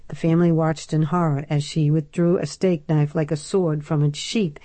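Low-voiced woman reading a novel aloud. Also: no echo. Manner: measured, even storytelling. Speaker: audiobook narrator. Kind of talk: scripted narration.

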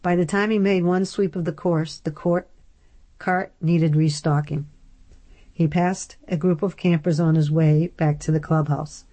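Audiobook narrator: a woman, low and mellow, steady, even delivery. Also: unhurried.

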